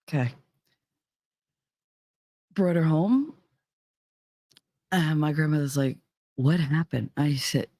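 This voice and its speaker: A woman with a low-pitched voice tells her own story with blunt, profane emphasis. She sounds dry and close, with no room around her. Her delivery is heated and direct. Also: a little slow, long pauses, a little mellow, no room sound. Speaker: podcast host. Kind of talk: personal storytelling.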